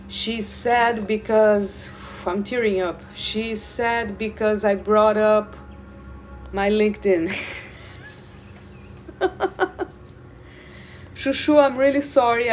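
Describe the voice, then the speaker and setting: Slow-talking woman musing on Reiki. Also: medium pitch. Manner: slow, meandering, repeats words, talks to viewers. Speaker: Reiki guide. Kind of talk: live spiritual stream talk.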